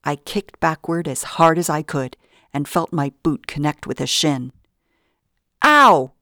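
A woman narrating a first-person audiobook in a steady storytelling manner. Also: sits low, moderate pace, no room sound, studio quality.

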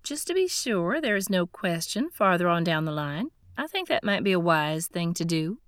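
A woman's voice: fairly low pitch, sing-song, normal speed, no room sound, clean studio sound. Woman doing a snappish, demanding woman. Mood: pushy. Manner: curt and demanding. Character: pushy, sharp-tongued woman demanding land.

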